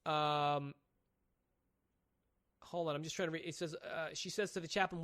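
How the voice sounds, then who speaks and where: On a laid-back podcast, a man with a fairly high, slightly lifted voice co-hosts at a rapid, loose clip. He eagerly recounts plots, stacking up swear words and tripping over himself before starting sentences again.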